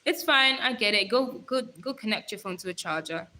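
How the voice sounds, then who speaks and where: Bright-voiced chatty young woman livestreaming. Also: medium pitch, animated, a little fast, rough recording. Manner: chatty, giggly, talks straight to viewers. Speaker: livestream host. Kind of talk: casual livestream chat reading viewer comments. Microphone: phone.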